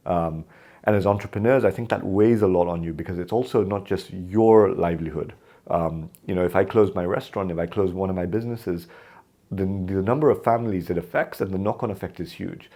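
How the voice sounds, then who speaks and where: A man from Kenya speaks as a podcast guest in a very low voice. He tells his stories in a relaxed, conversational way, and he acts out the lines of the people in them. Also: a little fast. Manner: animated, acts out quoted dialogue in his stories. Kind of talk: conversational interview storytelling.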